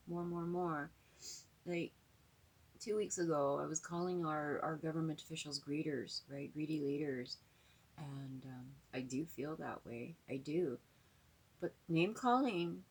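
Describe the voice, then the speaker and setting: Husky low-voiced woman, rambling and earnest. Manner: rambling, earnest, many fillers and repeats. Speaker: vlogger. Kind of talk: casual talk to camera.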